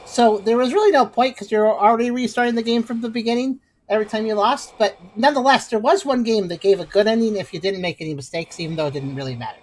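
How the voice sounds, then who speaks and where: A woman talks through a video game in a loose, joking way. Her voice sits a little higher than most. She addresses her viewers directly and chats as she plays. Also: fast, few pauses, darkish tone, low-quality recording. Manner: chatty, joking, wry. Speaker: gaming video host. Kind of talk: casual let's-play commentary.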